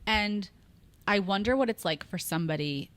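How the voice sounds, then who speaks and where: A young woman co-hosting a podcast, speaking earnestly in casual chat and getting animated when she quotes herself. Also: mid-range voice, normal speed. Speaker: podcast co-host.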